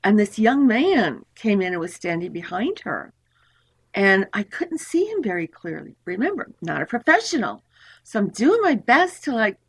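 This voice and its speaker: Animated older woman telling stories. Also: on the high side, normal speed, breathy edge. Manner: animated, laughs often, acts out voices in her stories. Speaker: astrologer guest. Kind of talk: storytelling in a podcast interview.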